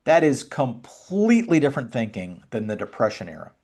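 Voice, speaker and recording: A middle-aged man giving a seminar talk to advisors, telling stories and acting out quotes with lively energy. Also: mid-range voice, brisk. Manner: animated storyteller, acts out quotes. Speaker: presenter.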